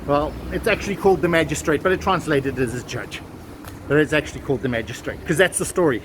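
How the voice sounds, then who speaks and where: A man's voice: a little high, fairly quick. A man telling a folk tale while walking a town street, chatty and full of asides. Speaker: travel vlogger. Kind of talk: casual walking vlog and storytelling. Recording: outdoor street with passing cars. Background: traffic.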